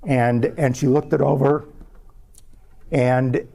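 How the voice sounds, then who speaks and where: A man, a scientist, giving a public talk as a measured personal story about his research. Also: medium pitch, fairly even intonation, vocal fry, warm tone. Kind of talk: lecture told as a personal story.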